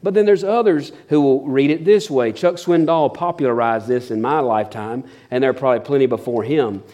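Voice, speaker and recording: A middle-aged pastor preaching a sermon in an earnest tone. His voice sits at a medium pitch, and he often repeats a word as he restarts a thought. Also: brisk, mellow.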